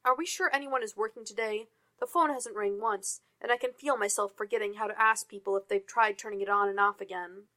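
A woman voicing a sarcastic male office IT worker, reading it loudly and mockingly. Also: medium pitch, steady tone, a little fast, hardly any pauses, close to an everyday voice. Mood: grumbling.

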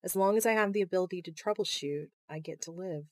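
A woman's voice: lowish voice, fast, dry recording, close to an everyday voice. A woman reading the part of a shy, anxious young woman astronaut who speaks hesitantly, in an audiobook. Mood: earnest. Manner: hesitant, nervous.

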